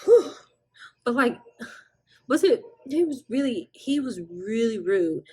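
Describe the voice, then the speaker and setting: Husky animated woman telling a story. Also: on the high side, slow. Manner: animated, acts out quotes, laughs often. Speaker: vlogger. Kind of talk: casual storytime.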